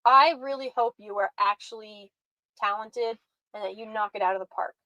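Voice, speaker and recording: A woman's voice: mid-range voice, normal speed, pushed and bright, no echo, highs cut off. A woman hosting a commentary show, reacting with sarcastic, exasperated rants. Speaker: commentary host.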